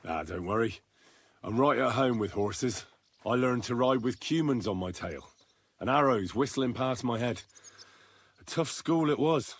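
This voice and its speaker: An actor playing a confident, shrewd young male adventurer in a video game, bargaining in a steady, self-assured way. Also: mid-range voice, a little slow, breathy edge, dry recording.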